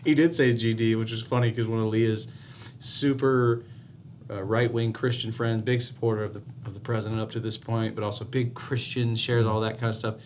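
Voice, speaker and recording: A man's voice: lowish voice, level tone, a little fast, slight background noise. A man co-hosting a casual comedic chat, rambling through stories and laughing often. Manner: rambling, laughs often, does mocking voices.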